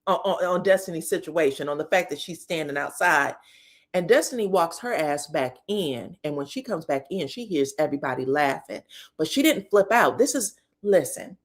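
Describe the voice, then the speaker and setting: A woman hosting a casual reality TV recap, telling it in an animated, profane and sassy way. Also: mid-range voice.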